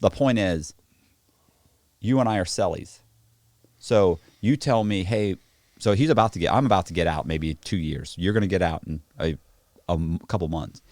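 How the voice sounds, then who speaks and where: A man telling stories in casual podcast chat, profane and animated, acting out the people in them. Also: low-pitched, normal speed, pauses often, no echo. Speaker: podcast guest. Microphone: podcast studio mic.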